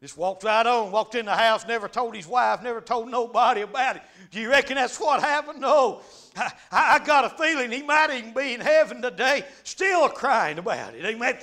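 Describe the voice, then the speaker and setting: A man preaching a fervent revival sermon, dropping frequent amens and breaking into shouts. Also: extremely high pitch, animated, normal speed.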